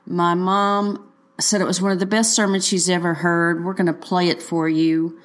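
A woman's voice: fairly low pitch, level tone, moderate pace. Upbeat woman podcast host. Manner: upbeat and enthusiastic, with fillers. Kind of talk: casual chat.

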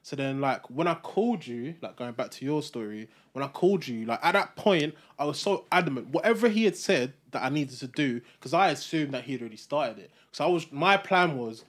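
A young man, co-hosting a podcast and musing in a relaxed, rambling way. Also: on the high side, a little fast, few pauses. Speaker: podcast co-host. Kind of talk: casual chat.

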